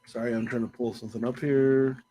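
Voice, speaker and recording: A man's voice: medium pitch, level tone, a little fast, mellow, slightly rough. A man hosting a podcast, chatting casually with playful, self-mocking jokes and rambling asides. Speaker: podcast host. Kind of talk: casual interview chat.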